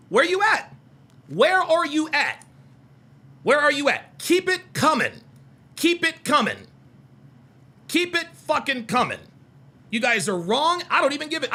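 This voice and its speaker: A young adult man hosts a heated call-in stream, answering chat with combative, mocking jabs and hammering the same points again and again. His voice sits high for a man, gravelly and forceful, and it swings widely in pitch. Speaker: host of a call-in show.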